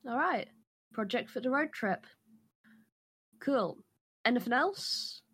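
A woman playing a tabletop game, upbeat and brisk, quick to chime in and push the group along. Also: a little high, animated, fairly bright tone. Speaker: player.

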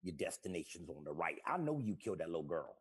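A deep, gruff street-tough sat-nav voice. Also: male voice, big pitch swings, full character voice. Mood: menacing. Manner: gruff, slow, low drawl. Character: menacing street-tough man as car navigation voice.

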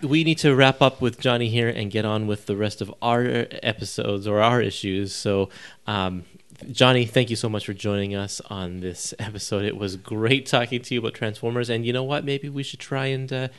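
A man's voice: on the low side, steady tone, moderate pace, a bit bright, clear, resonant tone. Male podcast host, casual, brief asides, wraps segments up. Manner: brief interjections, steering the talk. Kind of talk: casual chat.

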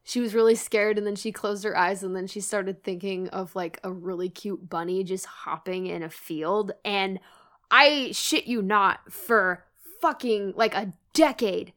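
A woman's voice: medium pitch, fairly even intonation, measured pace, fairly bright tone. A young woman co-hosting a podcast, chatting casually and gushing with giggles, swearing now and then. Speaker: podcast co-host. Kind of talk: casual chat.

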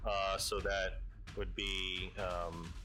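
Game master, male, bright voice, slow and halting, lots of fillers. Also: low-pitched, flat delivery, faint music behind, rough recording. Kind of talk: narrating a tabletop game.

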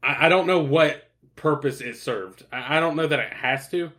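A man's voice: fairly high pitch, moderate pace, fairly bright tone. A young man in casual podcast chat, laid-back and swearing often, with lots of fillers and restarts. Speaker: podcast co-host.

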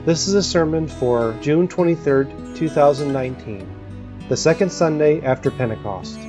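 An announcer reads a church podcast introduction from a script, in an even and formal tone. Clear plucked guitar music plays underneath the voice. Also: mid-range voice, moderate pace.

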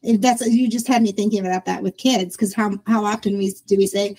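Reflective woman with a mellow voice. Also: medium pitch, fairly quick, breathy edge, low-quality recording. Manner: reflective, laughs often, quotes herself in lively voices. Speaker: podcast host. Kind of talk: casual conversational interview.

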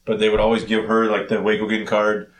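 Man telling lively travel anecdotes. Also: lowish voice, brisk. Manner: animated storyteller, mimics voices in anecdotes. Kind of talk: casual chat. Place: married, lives in Korea.

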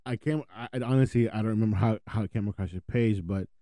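A man's voice: on the low side, fast, no echo. Man, podcast host, from the United States, slangy casual chat, dry close sound. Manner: slangy, laughs easily, relaxed.

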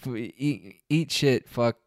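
A man's voice: mid-range voice, slow pace, dry recording, studio quality. A man co-hosting a casual comedy podcast, rambling with ironic fake emotion and swearing. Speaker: podcast co-host.

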